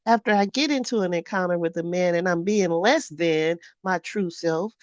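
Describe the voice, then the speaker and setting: A woman's voice: on the low side, moderate pace, no room sound, dull audio. A woman in her fifties reading her own journal aloud in a candid vlog. She talks frankly, swears freely and often laughs at herself. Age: 50s. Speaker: vlogger.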